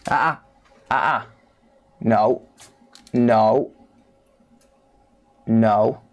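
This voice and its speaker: British guy streaming, chatty and coaxing, mid pitch, just talking away. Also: steady tone, drawn-out words, highs cut off. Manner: chatty, coaxing, talks to pets with playful asides. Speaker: repair streamer. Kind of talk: casual livestream chat.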